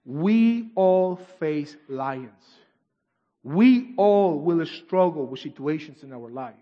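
Male pastor with non-native English phrasing, sermon delivery swinging from shouts to hushes; dull, reverberant hall recording. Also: fairly high pitch, expressive, slow. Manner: dramatic swings from shouts to near-whispers, reading scripture aloud.

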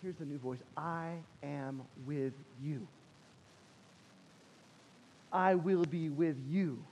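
A calm, reassuring divine voice, as a male preacher puts it on, spoken quietly and slowly. It sounds steady and comforting above a high natural pitch. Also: lo-fi sound, slight background noise. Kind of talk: sermon.

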